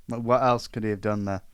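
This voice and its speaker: A man's voice: on the low side, smooth, dry recording. A man co-hosting a podcast, talking through films in an easygoing, casual way and laughing often. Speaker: podcast co-host. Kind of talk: casual film chat.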